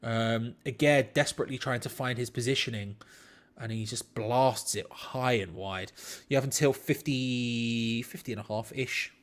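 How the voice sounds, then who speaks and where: A man's voice: mid-range voice, moderate pace. A man hosting a live football watch-along, commenting on play to his chat in disbelief and laughing at bad defending.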